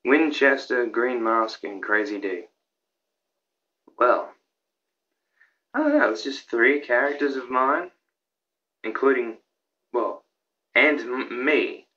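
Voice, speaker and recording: Young aussie guy going on about his own vids, excitable, keeps restarting, kinda dull lo-fi sound. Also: mid-range voice, takes it slowly, long pauses. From Australia. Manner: rambling and excitable, with many restarts and fillers. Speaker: YouTuber presenting a countdown of his own videos. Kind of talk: casual vlog commentary.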